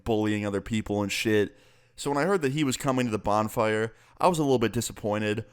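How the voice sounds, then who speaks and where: Profane, animated young man telling a story. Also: on the low side, clear, resonant tone. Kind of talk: storytime vlog.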